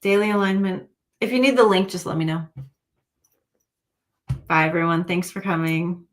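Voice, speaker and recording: A woman's voice: on the low side, moderate pace. A woman hosting a livestream, talking casually and encouraging her viewers. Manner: encouraging, warm pep talk to viewers. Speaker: livestream host and intuitive coach.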